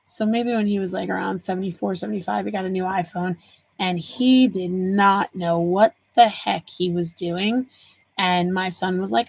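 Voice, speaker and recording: A woman's voice: mid-range voice, steady tone, moderate pace, creaky, husky. Chatty woman hosting a live craft stream. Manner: chatty storyteller, answers viewers' comments. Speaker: livestream host. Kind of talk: casual live chat while crafting.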